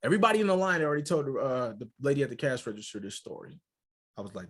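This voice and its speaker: A man from Michigan, a podcast co-host, telling a story in casual, profane and animated chat. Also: medium pitch, racing. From Port Huron, Michigan.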